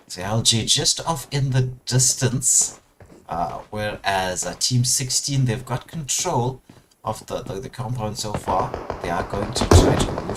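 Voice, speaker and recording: A man doing live play-by-play commentary on an online battle royale tournament, full of filler words and sudden bursts of excitement. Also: fairly low pitch. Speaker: esports caster.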